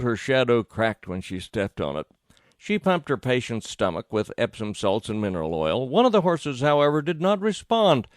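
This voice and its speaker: A man's voice: mid-range voice, no room sound, studio quality. A man telling a humorous scripted story with vivid, dramatic delivery.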